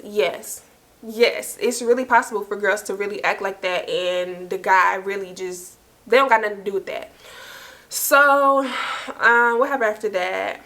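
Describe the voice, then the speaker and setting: A young woman vlogger telling a story in casual, slangy speech, lively and quick to laugh. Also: mid-range voice. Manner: animated, slangy, laughing as she tells it.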